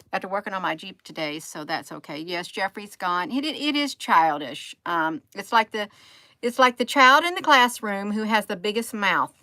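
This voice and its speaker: Woman streamer, talkative and scolding, bright tone, dry sound. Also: medium pitch, dry recording. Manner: chatty, scolding, says "you all" often. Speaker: livestream host. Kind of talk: casual chat with viewers.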